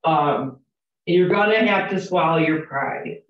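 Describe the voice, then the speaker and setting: Her voice sits low and she takes her time as she instructs a room of real estate agents, candid and talkative, mixing stories with questions for the class. The audio has that roomy, far-off, flat quality of a classroom recording.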